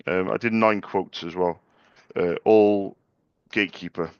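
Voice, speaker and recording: Gravelly low-voiced young man, stammering. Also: steady tone, a little slow, dry recording, highs cut off. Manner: stammering restarts, chatty and polite. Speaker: small business owner making sales calls. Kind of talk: casual vlog with live phone calls.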